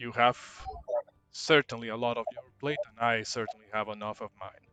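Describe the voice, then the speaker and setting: A man voicing a stern, protective older male ruler who speaks in cold, measured warnings. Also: mid-range voice, fairly even intonation, bright, forceful tone, close to an everyday voice. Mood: dismissive.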